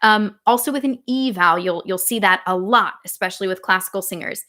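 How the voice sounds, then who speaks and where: A woman singing coach teaching a live online lesson in a relaxed, explaining way, breaking into sung vowels to demonstrate. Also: medium pitch, a little fast.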